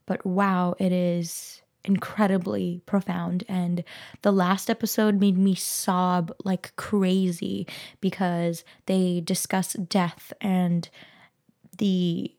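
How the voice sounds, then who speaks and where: A woman talks alone into her podcast mic, earnest and reflective, often turning to the listener with questions. Her voice is mellow and dark with a gravelly edge, and her pitch stays fairly flat. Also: slow. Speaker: podcast host. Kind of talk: reflective solo podcast talk. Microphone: podcast microphone.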